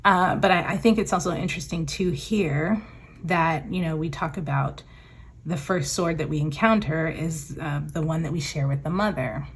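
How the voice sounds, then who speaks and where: A woman with a slightly low voice talks through a tarot reading in a relaxed, musing way. She reads card meanings aloud and drifts into chatty asides with easy laughter. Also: normal speed, husky. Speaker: tarot reader. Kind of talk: casual spoken tarot reading.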